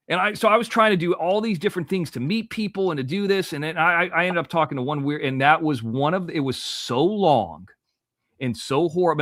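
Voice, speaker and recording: A man in his forties, originally from Florida, telling a long story as a podcast guest, animated and profane, full of restarts and asides. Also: fairly high pitch, dry recording, studio quality.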